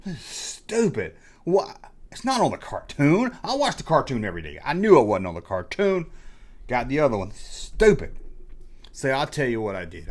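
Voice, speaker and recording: A middle-aged man telling a rambling, self-mocking confessional story in a casual vlog, as the host of his channel. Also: mid-range voice. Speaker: toy collecting vlogger.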